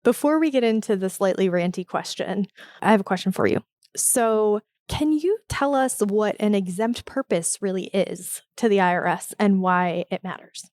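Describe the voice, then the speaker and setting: A woman co-host on a casual podcast, her voice middle-pitched and recorded close with no room sound. She sounds easygoing and amused as she prompts the conversation. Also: normal speed, a little mellow, no room sound.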